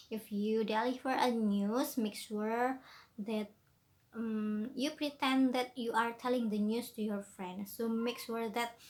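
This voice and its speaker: Her voice slightly high, an Indonesian-accented woman acts as presenter for an explanatory lesson. She talks in a slow, deliberate manner and often uses fillers.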